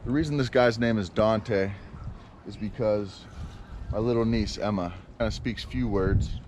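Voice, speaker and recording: A lowish male voice, recorded outdoors in a yard with a faint background hum. He rambles casually with plenty of fillers and restarts. His tone is exasperated and frank. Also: unhurried, darkish tone. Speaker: vlogger.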